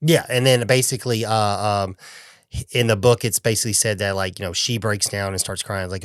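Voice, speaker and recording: Low-voiced man in casual film chat. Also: steady tone, fairly quick, clear, resonant tone, no room sound, studio quality. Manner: rambling, acts out quotes with a raised voice. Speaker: podcast co-host.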